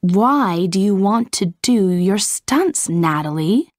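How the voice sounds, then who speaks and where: A woman's voice: mid-range voice, animated, slow, darkish tone, no room sound, studio quality. A woman voicing a male film star with an offhand, smug manner.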